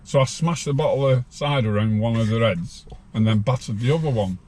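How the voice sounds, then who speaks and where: A man's voice: mid-range voice, brisk, darkish tone, slight background noise. A man in his sixties, a podcast guest telling a rambling story from his own life in a plain-spoken way.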